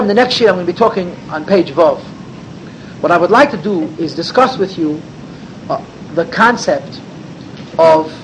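A man's voice: slight background noise, poor audio. A man teaching a Torah class, asking rhetorical questions and swinging his voice up and down for emphasis. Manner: animated, rhetorical questions, sweeping pitch for emphasis.

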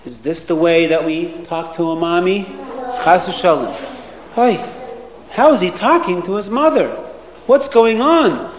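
A man telling a moral story to children in an animated, sing-song way, full of questions to his listeners. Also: high-pitched, measured pace, roomy sound, a little hiss or hum.

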